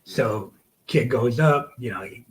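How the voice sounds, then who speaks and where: A man with a voice of middle pitch, spinning a profane story as a guest on a podcast. He talks casually and animatedly, acting out quotes and dropping into whispers for effect. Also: measured pace.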